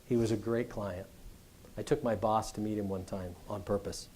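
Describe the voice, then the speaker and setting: A middle-aged man giving a business school address, telling stories in a conversational, animated way. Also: fairly low pitch, normal speed, a little hiss or hum. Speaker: guest speaker.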